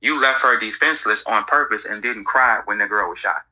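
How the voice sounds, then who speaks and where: A man hosting casual commentary, telling stories in an animated, profane way. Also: lowish voice, fairly quick, rough recording. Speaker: host.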